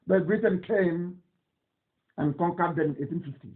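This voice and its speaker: Man, Nigerian accent, fiery, scornful, repetitive, high voice, tinny phone-like sound. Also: expressive, measured pace, long pauses. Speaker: political activist broadcaster. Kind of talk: impassioned radio broadcast.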